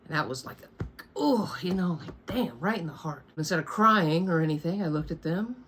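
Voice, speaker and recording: A woman's voice: low voice, fairly quick, fairly bright tone, slight background noise. A woman in her thirties telling a personal story in a candid storytime vlog from her bedroom, blunt and swearing freely with wry asides. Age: 30s. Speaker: storyteller vlogger. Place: bedroom at home.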